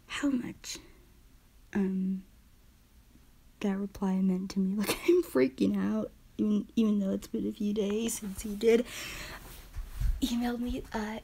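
A woman vlogging casually to her viewers, gushing and starstruck, often slipping into a breathy half-whisper. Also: mid-range voice, mellow. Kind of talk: casual vlog to camera.

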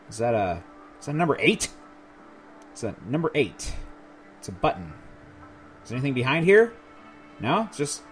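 A man playing a video game demo and commenting, confused and nervous, laughing to himself and breaking into high, panicked shouts when scared. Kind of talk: let's play commentary.

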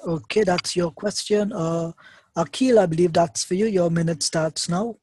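Husky, high-voiced male debate moderator. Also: fairly even intonation, a little mellow. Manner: brisk, hesitant fillers while managing callers and time.

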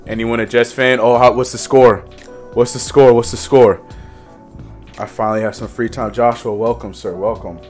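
A man's voice: mid-range voice, flat delivery, normal speed, a little mellow, faint music behind. A young man livestreaming, casually greeting chat viewers by name and repeating his phrases, in a home streaming setup.

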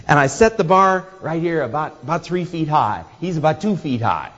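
Expressive male preacher in a hall. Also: on the high side, normal speed. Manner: expressive, acts out quoted voices with laughter. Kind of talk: sermon. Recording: dull hall reverb.

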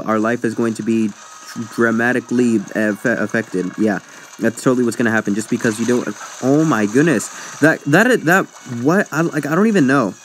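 A young man gives rapid, chatty commentary over his game, wandering off onto tangents and laughing at his own slip-ups. His pitch sits in an ordinary middle range. A faint room ambience runs behind the voice. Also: slight background noise. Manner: rambling, self-mocking, easily sidetracked. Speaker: gaming YouTuber. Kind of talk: casual let's-play commentary.

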